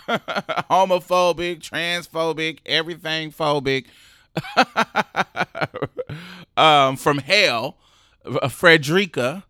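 A man casually recapping an episode he acted in, profane and animated, laughing often. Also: fairly high pitch, dry recording, clean studio sound. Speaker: actor recapping his own show.

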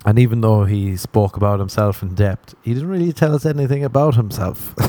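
A man's voice: medium pitch, dark tone, no echo. A man hosting a solo podcast in a casual, rambling way, joking, swearing and laughing at his own tangents. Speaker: podcast host.

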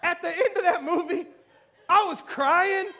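This thirty-something pastor speaks at a measured pace, his very high voice bright and forceful. His sermon is conversational and self-mocking, full of laughter and "you know what I mean."

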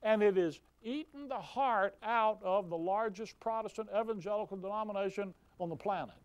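A man's voice: high-pitched, moderate pace, smooth, no room sound. A man preaching a fiery sermon, folksy and emphatic, with mocking asides.

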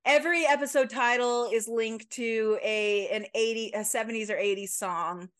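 A woman's voice: a little high, fairly even intonation, moderate pace. A young woman co-hosting a podcast over a remote call, chatting casually, swearing now and then and restarting her sentences. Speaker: podcast co-host. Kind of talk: casual chat.

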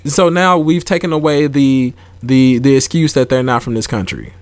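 A man's voice: mid-range voice, moderate pace, smooth, no room sound. Podcast co-host, male, mid-range voice, earnest explainer, dry close sound. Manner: earnest, explaining patiently, many restarts. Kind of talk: casual chat.

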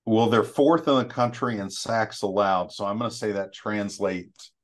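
A man working as a college football analyst, talking through game plans in a relaxed, rambling way. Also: fairly low pitch, normal speed. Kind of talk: casual sports talk.

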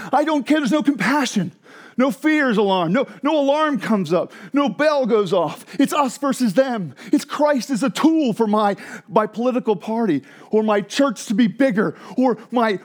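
A gloating, self-righteous churchgoer, as a preacher puts him on, with a high male voice and a mocking edge. He sounds pleased with himself and sure that he is right.

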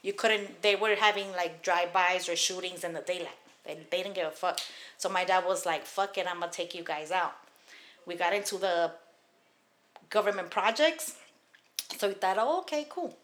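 A woman's voice: fairly low pitch, fairly even intonation, normal speed, a bit bright. A woman in her thirties from Los Angeles, telling a heated, profane story on a casual podcast. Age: 30s. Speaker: podcast host.

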